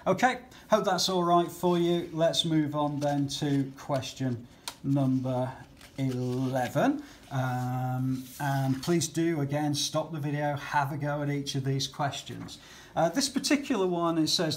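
A man's voice: a little high, unhurried, slight background noise. Chatty man teaching maths. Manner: chatty, patient, says okay often. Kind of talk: talking through exam questions.

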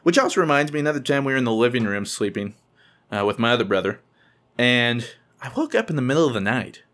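A young man talks fast as he tells a funny story to the camera, excitable and animated, and he often squeals in high voices when quoting people.

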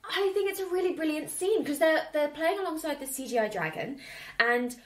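A woman hosting a film podcast in casual chat, animated and swearing freely as she acts out scenes. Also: high-pitched, a little fast, reverberant. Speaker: podcast host.

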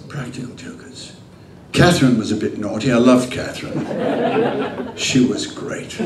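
An older man answering fan questions at a convention, telling lively anecdotes and acting out the dialogue, laughing often. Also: medium pitch, measured pace, a crowd in the background. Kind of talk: convention Q&A storytelling. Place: large convention hall. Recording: echoey hall, heard from far off, faint hum.

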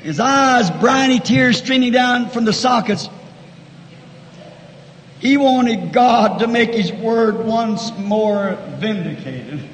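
A man preaching a fervent sermon, swinging from shouted lines to hushed asides in a large church. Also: extremely high pitch, animated, slow. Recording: echoey 1960s church hall recording with faint noise.

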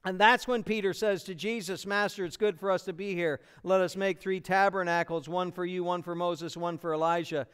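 A man's voice: sits high, steady tone, normal speed, few pauses, a bit bright, clean tone. A man with an American accent, a pastor preaching an expository sermon and acting out the quotes he reads.

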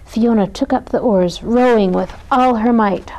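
A woman reads a children's story aloud with gentle, expressive pacing. Her voice is fairly high and warmly mellow. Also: unhurried, few pauses, slight background noise, rough recording.

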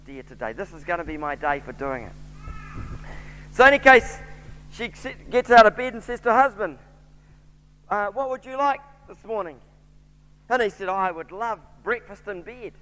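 A man's voice: sits high, animated, normal speed, long pauses, sharp tone, clear, resonant tone. A man with a New Zealand accent preaching a sermon, telling a story and voicing its characters. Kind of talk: sermon with anecdote. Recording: church hall reverb.

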